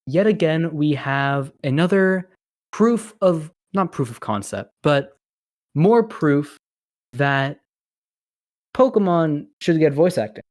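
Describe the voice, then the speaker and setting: A man's voice: a little high, animated, takes it slowly, a little mellow, no echo, clean studio sound. A man co-hosting a podcast in casual chat, rambling and laughing often. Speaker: podcast co-host.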